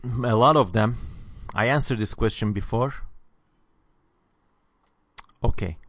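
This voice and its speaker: A man with a Southeastern European accent, whose first language is not English, answers viewer questions in a lively, opinionated way, with sharp, sibilant consonants. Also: medium pitch, slow, no echo. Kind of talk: casual Q&A monologue.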